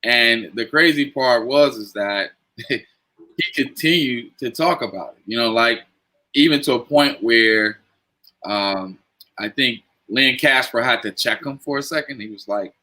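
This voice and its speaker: A man's voice: medium pitch, unhurried, sharp tone, poor audio. A man on a sports talk show, speaking hesitantly with many fillers. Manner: hesitant, full of "uh" and "you know".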